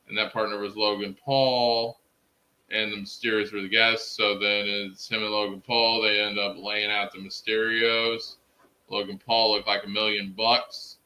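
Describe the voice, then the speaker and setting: A man's voice: fairly low pitch, little pitch movement, normal speed, sharp tone, slight background noise, rough recording. A man hosting a casual wrestling recap stream, talking enthusiastically to his chat and co-host, with "freaking" in nearly every sentence. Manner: enthusiastic, fills speech with "freaking". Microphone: streaming setup, talking to chat.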